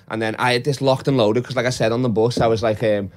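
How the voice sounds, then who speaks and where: A man's voice: mid-range voice, fairly even intonation, fast, darkish tone. A young man telling a rambling story in casual chat, with lots of swearing and laughing. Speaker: podcast co-host.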